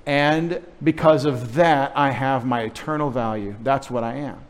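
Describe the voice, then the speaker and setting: A middle-aged pastor preaching a sermon, teasing and coaxing the children in the congregation. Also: male voice, medium pitch, measured pace.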